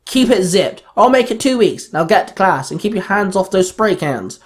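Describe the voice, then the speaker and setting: A man's voice: high-pitched, very animated, normal speed, pitched above the performer's own voice. A man reading aloud, voicing a young woman ranger who barks orders like a stern headmistress. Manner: barking, commanding.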